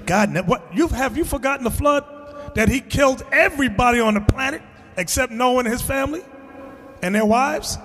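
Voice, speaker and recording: A man preaching in an animated, emphatic way, mixing street talk with scripture in a reverberant hall. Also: very high-pitched, brisk. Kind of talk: sermon-style teaching.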